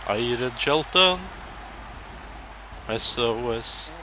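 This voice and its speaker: A young man giving casual, excitable commentary over a wrestling video game as he plays, swearing and laughing at his own slips. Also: medium pitch, extremely slow, noisy background. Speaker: gameplay commentator.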